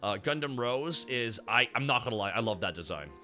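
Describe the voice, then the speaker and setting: Excitable man with a very bright voice. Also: mid-range voice, brisk, soft background music. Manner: excitable, rambling, swears freely. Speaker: show host. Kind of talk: casual chat reviewing robot designs.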